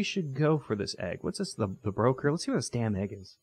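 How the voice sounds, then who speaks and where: A man narrating his gameplay in a loose, rambling way, joking and correcting himself as he goes. His pitch swings widely, lively and animated. His voice sits at an ordinary middle pitch for a man. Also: brisk, slightly rough. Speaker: let's play host. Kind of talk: casual gameplay commentary.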